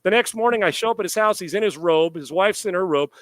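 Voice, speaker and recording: A middle-aged man co-hosting a sports talk show, telling a long, animated story with quoted dialogue and salty language. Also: sits high, quick pace, no room sound.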